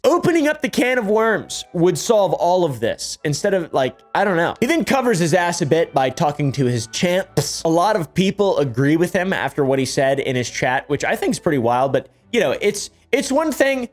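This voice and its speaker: A man's voice: fairly high pitch, very animated, moderate pace, few pauses, faint music behind. A man doing YouTube reaction commentary, ranting and swearing in an irritated way.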